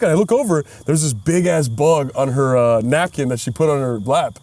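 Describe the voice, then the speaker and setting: A man co-hosting a casual comedy podcast, telling a story in an animated way and acting out quoted voices. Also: a little high, quick pace, no echo. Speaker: podcast co-host.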